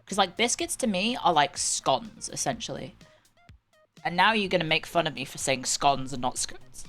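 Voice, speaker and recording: A British woman is livestreaming and chatting casually, rambling along with sarcastic banter. Her voice sits low but her intonation is lively, her pace is normal, and her tone is fairly bright, with soft music playing in the background.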